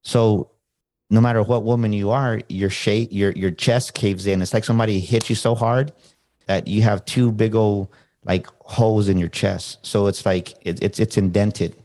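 Male guest, motivational speaker; lowish voice, casual storytelling, acts out the dialogue. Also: moderate pace. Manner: animated, acts out quoted dialogue.

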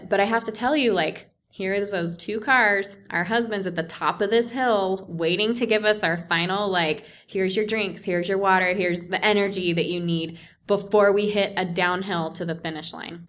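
A woman's voice: mid-range voice, moderate pace, few pauses. A woman telling a personal story in casual conversation, acting out quoted voices, with many "like" fillers. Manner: animated, acts out quoted voices, frequent "like" fillers.

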